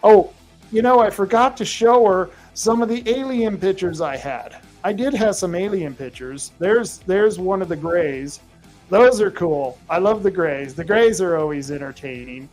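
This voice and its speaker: A man's voice: high voice, a little slow, a little mellow, soft background music. A male podcast host with a rural American accent, talking casually to listeners in a rambling way full of fillers and restarts.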